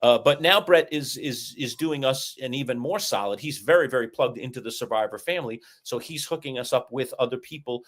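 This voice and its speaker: A middle-aged man co-hosting a sports talk show, chatting and telling stories in an animated way. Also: mid-range voice, a little fast, few pauses. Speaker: co-host.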